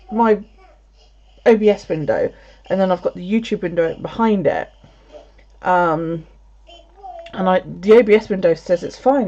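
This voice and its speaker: Streaming from her home, a woman with a warm, mid-range voice tells a story in relaxed livestream chatter, cursing plenty along the way. Her recording has a slightly muffled, lo-fi quality.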